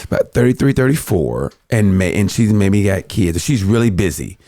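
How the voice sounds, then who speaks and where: A man's voice: lowish voice, normal speed. A man, a comedian guest, telling stories in a casual chat, laughing often and acting out the voices of people in his stories. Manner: animated, laughing, acts out quoted voices.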